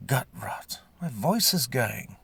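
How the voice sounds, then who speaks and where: A man's voice: mid-range voice, sing-song, unhurried, no room sound, voice pushed up. A man voicing a sardonic, snobbish who mutters wry asides.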